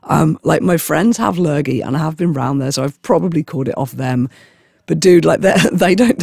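A man with a hoarse voice from a chest infection rambles to camera with giggles and stammering restarts. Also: a little high, fairly quick, a little mellow, dry recording, clean studio sound. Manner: giggly, stammering, self-mocking. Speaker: vlogger. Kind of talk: rambling casual monologue.

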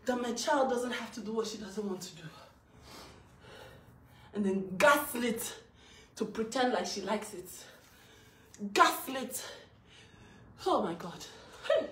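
A woman recording an emotional celebratory vlog at home, chanting, laughing and talking fast between cries of joy. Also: a little high, expressive, a bit bright, slight background noise. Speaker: vlogger. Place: her home, indoors. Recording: roomy, distant from the mic.

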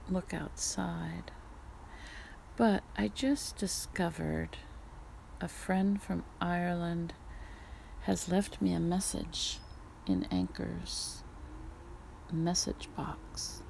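A woman recording a casual spoken diary at home, musing softly and often dropping to a whisper. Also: fairly low pitch, steady tone, takes it slowly, vocal fry, slight background noise. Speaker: podcast host. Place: home in Northern California.

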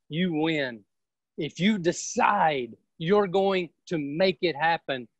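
A woman's voice: lowish voice, no echo. Blunt woman giving a pep talk. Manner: blunt, emphatic, preachy, with some swearing. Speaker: real estate team leader speaking as a guest. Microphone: video call. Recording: dull, dry video-call audio.

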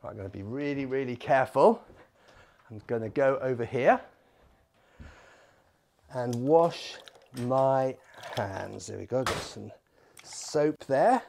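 A man leading family worship as a vicar, telling a Bible story in an animated, playful way with props. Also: medium pitch, slow, vocal fry, long pauses. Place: church.

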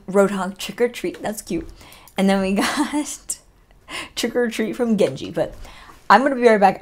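A young woman chatting excitedly as she opens items on her gaming vlog, full of rambling asides. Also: mid-range voice. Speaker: gaming vlogger. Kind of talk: casual unboxing commentary.

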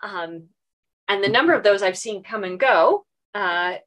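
A woman's voice: mid-range voice, lively intonation, unhurried, a bit bright. A woman hosting an online community meeting, talking casually with many fillers.

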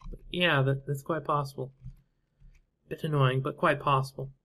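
A gameplay commentator talks through his strategy game casually, thinking out loud and tailing off into fillers and half-formed ideas. His mid-range voice has fairly even intonation, a moderate pace and a slightly bright quality.

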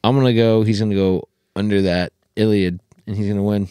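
Low-voiced young man chatting. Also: steady tone, a little fast, warm tone, smooth, dry recording, studio quality. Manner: rambling, acts out quotes. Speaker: podcast co-host. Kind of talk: casual chat.

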